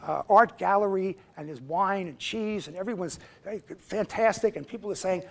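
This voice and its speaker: A man in his seventies giving a lecture, telling personal stories conversationally with halting restarts. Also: high-pitched, gravelly. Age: 70s. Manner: conversational, halting restarts, acts out quoted voices. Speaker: guest lecturer. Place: lecture hall.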